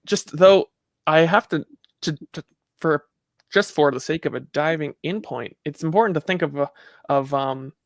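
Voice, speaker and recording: A man's voice: a little high, moderate pace, gravelly, no room sound, clean studio sound. A man from Canada in casual conversation, talking in a discursive, heady way with many fillers and restarts.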